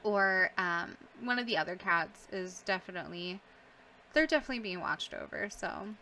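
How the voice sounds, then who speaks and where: Bright-voiced young woman reacting emotionally. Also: on the low side, expressive, moderate pace, slight background noise. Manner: emotional, reacting aloud with gasps, sighs and laughs. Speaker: gaming YouTuber. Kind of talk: casual let's-play commentary.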